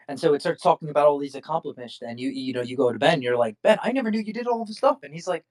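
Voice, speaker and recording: A man hosting a casual discussion, rambling through his explanations with many restarts and fillers. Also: medium pitch. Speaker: podcast host.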